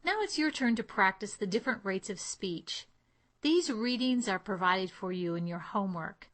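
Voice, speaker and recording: Measured woman coaching speech. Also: medium pitch, expressive, a bit bright. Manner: clear, measured teaching delivery. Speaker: accent coach. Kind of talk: instructional lesson.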